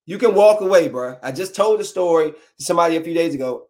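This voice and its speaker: A young adult man in a casual, preachy rant of dating advice, slangy and animated, slipping into quick mock voices. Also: a little high. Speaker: vlogger giving dating advice.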